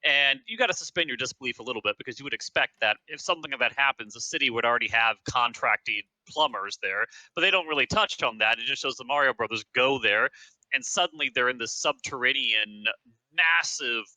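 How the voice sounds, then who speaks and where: A man's voice: mid-range voice, expressive, a little fast, bright, forceful tone, no echo, low-quality recording. A man co-hosting a podcast, recapping a movie in a rambling, hesitant casual chat. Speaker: podcast co-host recapping a film.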